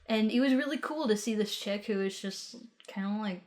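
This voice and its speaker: A woman from Texas co-hosts a film review podcast in relaxed, casual conversation. She speaks bluntly, swears freely and scatters "like" through her sentences. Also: medium pitch. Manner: quick asides, many "like"s. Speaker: podcast co-host.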